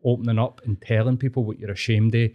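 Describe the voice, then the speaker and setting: A man's voice: medium pitch, little pitch movement, fast talker, lo-fi sound. A man with a Scottish accent, talking bluntly and earnestly as a podcast guest in casual chat.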